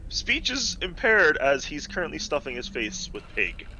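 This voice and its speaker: A man playing a tabletop game online, deliberately describing his character's actions. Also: a little high, huge pitch swings, bright, forceful tone, slight background noise, poor audio. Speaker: player. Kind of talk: casual tabletop game chat.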